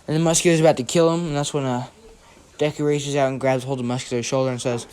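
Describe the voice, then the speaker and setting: A man's voice: medium pitch, fairly even intonation, quick pace, a little mellow, clear, resonant tone. A young man telling a story casually, rambling and often checking in with right?. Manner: rambling, keeps asking right?.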